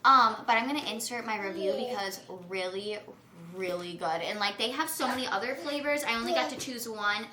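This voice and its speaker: Cooking at home, this young woman vlogs to camera in a chatty way, packed with "like" fillers. Her voice is on the high side and a little fast, the sound is reverberant, and a crowd can be heard in the background.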